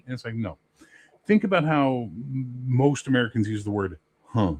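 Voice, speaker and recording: A man's voice: medium pitch, a little fast, slightly rough, no room sound. Profane Canadian man telling stories. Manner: profane, animated storyteller. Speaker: podcast guest, game master. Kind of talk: casual chat.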